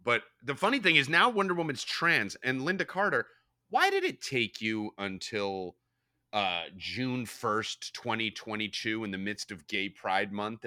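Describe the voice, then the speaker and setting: Sarcastic, very bright-voiced podcast man. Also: fairly low pitch, no room sound, studio quality. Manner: profane, sarcastic, animated. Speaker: podcast host. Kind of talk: casual podcast banter.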